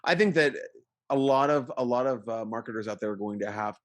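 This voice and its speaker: A podcast co-host with a mid-range voice and brisk delivery chats casually, rambling along with plenty of fillers and restarts.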